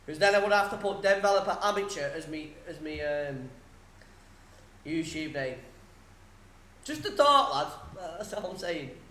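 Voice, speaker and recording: High-voiced streamer in an echoey room. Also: male voice, lively intonation, unhurried, long pauses, bright, forceful tone. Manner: chatty, reads scores aloud, swears, laughs often. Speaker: football watchalong streamer. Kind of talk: live score commentary and chat.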